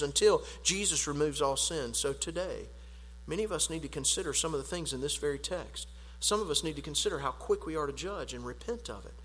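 Pastor, male, fairly high voice, earnest sermon delivery with a long hall echo. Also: breathy edge. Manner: earnest preaching, building to emphatic peaks then dropping quiet.

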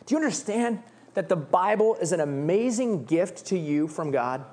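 A pastor preaches a sermon from the pulpit at a moderate pace, his delivery lively and swinging widely in pitch. He alternates between reading scripture and acting out a beggar's loud, pleading cries.

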